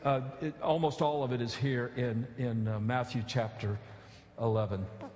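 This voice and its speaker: A man's voice: mid-range voice, steady tone, moderate pace, a little mellow. A man pastor preaching a sermon, earnest, with emphatic pleading appeals and casual asides. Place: church sanctuary. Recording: echoey church hall.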